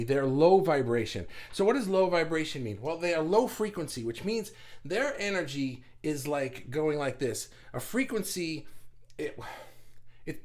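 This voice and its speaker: A man hosting a casual spiritual talk, rambling and animated, laughing and sighing often. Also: a little high. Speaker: spiritual channel host.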